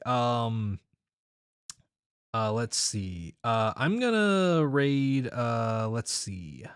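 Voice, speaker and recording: A man's voice: mid-range voice, very animated, extremely slow, smooth, dry recording, clean studio sound. A man streaming games, chatting casually with his viewers, rambling and laughing often. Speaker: game streamer. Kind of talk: casual chat with live chat.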